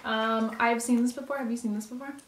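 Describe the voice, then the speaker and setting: A woman's voice: fairly high pitch, fairly even intonation, fast. A young woman vlogger chatting casually through a snack taste test, full of "like" fillers. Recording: echoey room with faint noise.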